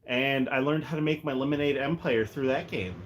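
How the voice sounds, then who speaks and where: A man's voice: mid-range voice, a little fast. A man chatting casually and jokily on a livestream from a room at home, rambling from one thing to the next. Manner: rambling, joking, animated. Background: faint heater hum.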